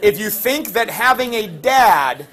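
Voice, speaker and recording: High-voiced teacher telling a myth. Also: male voice, measured pace, a faint crowd. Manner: animated, jokey, slangy, many fillers. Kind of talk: classroom storytelling lecture. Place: classroom with students.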